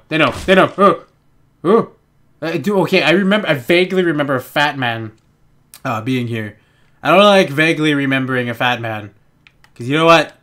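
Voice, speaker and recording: A young man giving excitable, rambling let's play commentary, swearing constantly and getting jittery as he plays. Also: fairly high pitch. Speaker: gaming YouTuber.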